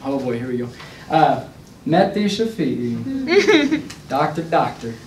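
A man's voice: a little high, huge pitch swings, slow, faint music behind. A young man, a spoken word poet, reading his poems to a live audience with laughing, rambling asides between pieces. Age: young adult. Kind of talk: poetry reading with casual banter. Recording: roomy, distant live recording with faint noise.

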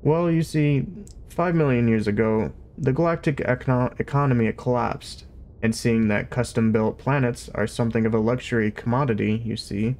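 A man voicing a polite, wistful old alien man who speaks slowly and vaguely. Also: medium pitch, natural voice. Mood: mild rambling. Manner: slow, polite, gently rambling.

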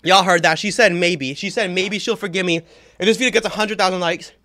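High, bright, excitable young man. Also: a little fast. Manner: excitable, yelps and groans from the spice; casual slangy talk. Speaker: gaming YouTuber. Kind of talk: gaming vlog with hot sauce challenge.

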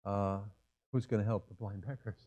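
A man's voice: fairly low pitch, fairly even intonation, moderate pace, dark tone. A male pastor preaches in a church, talking directly and plainly to his congregation. He leans on rhetorical questions and answers them himself, in an easy, conversational manner. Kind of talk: sermon. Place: church sanctuary.

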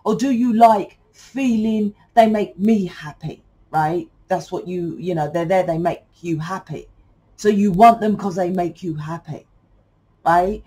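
A woman's voice: on the low side, a little slow, mellow, breathy edge, low-quality recording. A British woman giving a casual spoken tarot reading, rambling and chatty and swearing now and then. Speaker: tarot reader.

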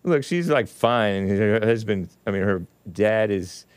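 A man hosting a podcast, his voice smooth and full, recorded dry and close. He talks at an unhurried, drawn-out pace but leaps between low mutters and high exaggerated exclamations, often chuckling as he mocks what he reads. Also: animated, no room sound. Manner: mocking, theatrical swings of pitch and volume; often laughs at his own remarks. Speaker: host. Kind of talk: solo commentary on screenshots.

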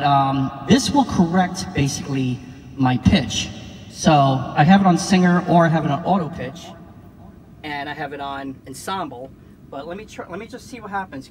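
A man casually and excitedly demonstrating a keyboard's voice features, joking about his own singing. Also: on the high side. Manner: chatty, self-deprecating, excited. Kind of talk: casual product demo. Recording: long reverb, keyboard music behind.

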